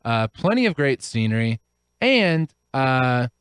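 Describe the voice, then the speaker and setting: A man on a comedic advice panel, talking haltingly with many fillers and deadpan jokes. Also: medium pitch, clean tone, no echo.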